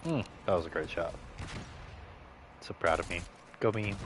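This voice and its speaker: A man's voice: low voice, moderate pace, pauses often, slight background noise. A young man in casual gaming commentary, rambling and swearing as he jokes to himself. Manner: rambling, profane, joking to himself. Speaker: streamer.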